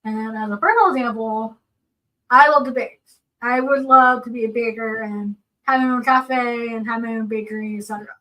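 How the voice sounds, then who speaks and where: A woman's voice: on the high side, moderate pace, bright, forceful tone, far from the mic, poor audio. A woman co-presenting a seminar in a casual panel talk, earnest and explanatory, drawing on personal examples.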